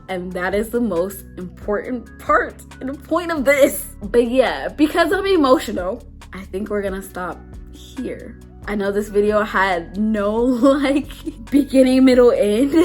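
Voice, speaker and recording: A woman's voice: mid-range voice, a little mellow. A woman in her twenties, talking candidly and emotionally to her viewers, close to tears and laughing nervously. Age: 20s. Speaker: vlogger. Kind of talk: personal talk to camera.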